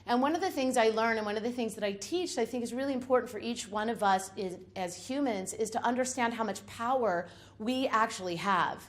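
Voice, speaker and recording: Woman motivational speaker, mid-range voice, emphatic and uplifting delivery in front of a live crowd. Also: mid-range voice. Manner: emphatic, uplifting, repetitive lists. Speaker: public speaker. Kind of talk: inspirational stage talk. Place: room with a live audience.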